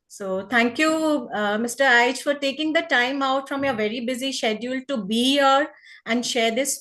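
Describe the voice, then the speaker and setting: High-voiced woman host. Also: a bit bright. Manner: polite, appreciative, with small hesitations. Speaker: event host thanking the guest speaker. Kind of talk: formal vote of thanks.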